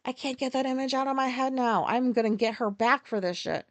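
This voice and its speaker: A woman's voice: sits high, fairly quick, dry recording. Swearing, ranting woman podcaster. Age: 40s. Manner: candid, swears freely, ranting storyteller. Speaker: podcast host. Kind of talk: casual solo podcast chat.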